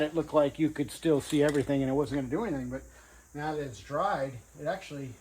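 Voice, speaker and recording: A man's voice: fairly high pitch, a little mellow, a little hiss or hum, rough recording. A man casually narrating his truck build in a home garage, offhand and thinking aloud with fillers. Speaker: garage vlogger.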